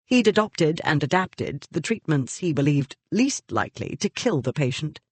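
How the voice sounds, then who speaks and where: Even-toned audiobook narrator, dry sound. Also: medium pitch, moderate pace, husky, no room sound. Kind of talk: scripted narration.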